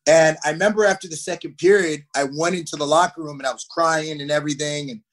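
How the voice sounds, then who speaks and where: Lively man telling stories. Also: a little high, fast talker. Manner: animated, acts out quotes. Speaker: guest hockey player. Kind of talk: podcast interview, storytelling.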